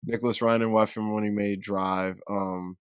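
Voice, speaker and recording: Man, podcast co-host, casual film chat, animated, swears often, dry close sound. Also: on the low side, unhurried, smooth, no room sound. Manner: animated, swears a lot, gets loud and excited.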